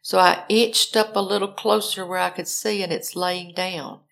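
Older lady telling a story, a bit gravelly, acts out her own panicky calls. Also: lowish voice, steady tone, moderate pace, fairly bright tone. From Alabama, US. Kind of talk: personal storytelling.

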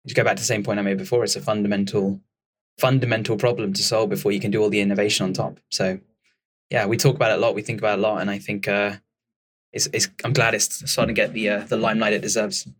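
Fast-talking, flat-toned man, guest on a podcast. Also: lowish voice. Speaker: podcast guest, startup cofounder. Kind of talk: casual podcast chat.

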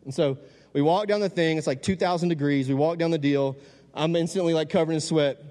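A man's voice: a little high, fairly quick. A man from Louisiana, telling a funny story to an audience from the stage and acting out the voices. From Louisiana, USA. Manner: animated, joking, acts out quoted voices. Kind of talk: humorous storytelling talk to an audience. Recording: long hall reverb.

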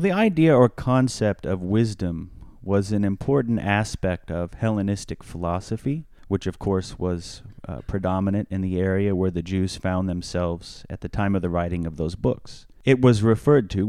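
A man, a priest, explaining scripture on a podcast in a measured, teacherly way, stressing key words. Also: sits low, warm tone, dry recording, clean studio sound.

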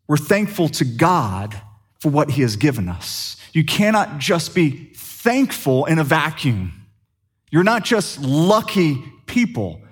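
A middle-aged man preaches a sermon, talking to his congregation like a friend and tossing them questions. His voice sits slightly high and rises and falls with plenty of life, leaning into jokes as he goes. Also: slightly rough. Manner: conversational, humorous, asks the congregation questions. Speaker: pastor.

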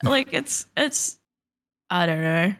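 A woman's voice: on the low side, lively intonation, slow, a bit bright. A woman co-hosting a podcast in casual chat, joking crudely and laughing often. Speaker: podcast co-host.

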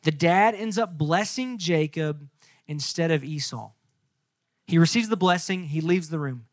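Young male youth pastor, high voice, dry close sound, animated storytelling sermon. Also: measured pace, no echo. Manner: lively storytelling, acts out characters in casual slang.

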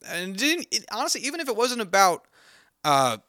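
A man reviews a film in a casual rant, cursing freely and stumbling over fillers. His voice is very bright and cutting, pitched a little high, recorded dry and close with no room sound. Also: sing-song, fairly quick, dry recording. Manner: exasperated, profane ranting with many fillers. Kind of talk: casual spoken movie review.

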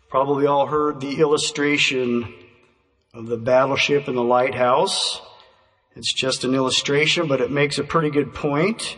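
A man preaching a sermon, telling an illustration in a measured way and slowing to stress key words. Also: fairly high pitch, fairly bright tone. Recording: reverberant hall, voice from a distance.

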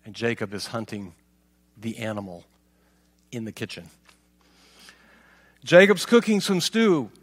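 A man's voice: medium pitch, very animated, measured pace, long pauses, long reverb tail. A man reading scripture aloud and stopping to comment with rhetorical questions. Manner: reads aloud, then asks rhetorical questions. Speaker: Bible teacher.

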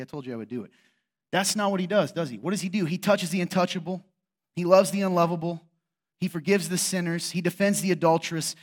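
Conversational male pastor preaching. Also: sits high. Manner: conversational, with rhetorical questions and sarcastic asides. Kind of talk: sermon.

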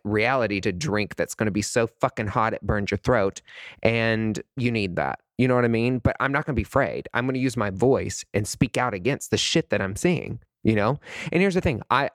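A man's voice: medium pitch, no echo. A young man hosting a podcast, delivering a heated, emphatic, sassy monologue full of swearing. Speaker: podcast host. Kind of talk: impassioned unscripted monologue.

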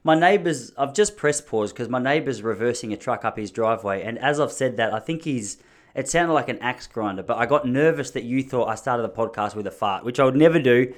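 A man's voice: mid-range voice, lively intonation, a little fast. A man in his thirties with an Australian accent, hosting a podcast and telling rambling, jokey stories in a casual chat. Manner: chatty, rambling, jokey storytelling. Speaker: podcast host.

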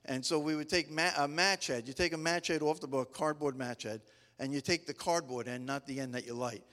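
Rambling folksy middle-aged preacher, reverby hall. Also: male voice, a little high, a little fast, a bit bright. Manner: rambling, stop-start storytelling with frequent restarts; folksy and humorous. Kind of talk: casual conversational sermon. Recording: long reverb of a large hall.

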